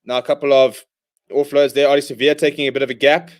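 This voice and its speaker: A young man hosting a live watchalong, calling the play and reading out viewer comments, and he bursts out loud at big moments. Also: medium pitch, fast talker. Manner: excitable, shouts at big plays, reads viewer comments. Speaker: host.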